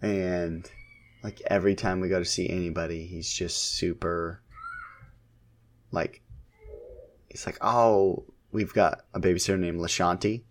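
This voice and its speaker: A man in his thirties, a podcast co-host, casually chatting about his kids in a relaxed, rambling way with lots of fillers. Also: sits low, unhurried, long pauses. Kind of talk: casual chat about family.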